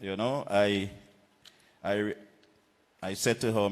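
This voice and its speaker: Deep-voiced Vincentian man at a rally. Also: fairly even intonation, in a large hall. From Saint Vincent and the Grenadines. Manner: measured oratory with deliberate pauses and repetitions. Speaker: political candidate. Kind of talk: political rally speech. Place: outdoor political rally platform.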